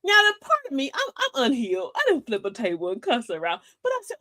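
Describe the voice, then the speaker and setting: A woman's voice: high voice, wildly swooping pitch, fast, few pauses, sharp tone. An older woman hosting a live-stream talk, giving life advice emphatically, telling stories and calling listeners baby and y'all. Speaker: host of a live advice show.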